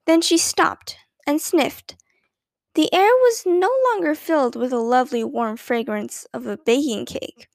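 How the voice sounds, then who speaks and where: A woman narrating a children's storybook with a clear, expressive reading. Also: high voice, a little slow, no echo, clean studio sound. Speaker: audiobook narrator.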